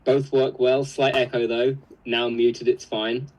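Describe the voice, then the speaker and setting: A man's voice: medium pitch, level tone, a little slow, a little mellow, highs cut off. A man co-hosting a live stream, reading viewer comments aloud in a casual, chuckling way. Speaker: co-host reading live chat.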